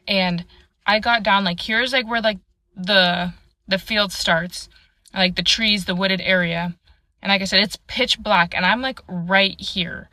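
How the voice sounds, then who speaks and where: Young woman, bright voice, rambling storyteller, dry close mic. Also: medium pitch, a little slow, dry recording. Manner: rambling, full of "like" fillers. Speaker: storyteller in a clip. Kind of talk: casual spoken storytelling.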